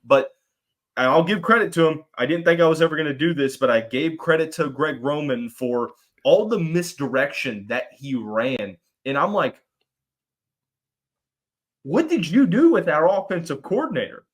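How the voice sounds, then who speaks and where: A man hosting a casual sports podcast, animated and joking, rambling with restarts, and he has the hiccups. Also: fairly high pitch, moderate pace. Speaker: podcast host.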